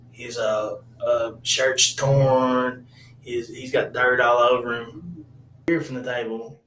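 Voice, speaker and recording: A man's voice: medium pitch, fairly bright tone, echoey room, far from the mic, low-quality recording. A man telling a comic personal story in a rambling, wry way with many asides.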